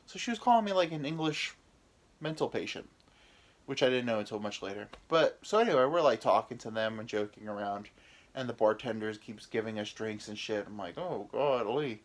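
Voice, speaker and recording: A man's voice: lowish voice, animated, fairly quick. A young American man, a podcast host, telling a rambling, profane, self-mocking story in a casual comedic way. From United States.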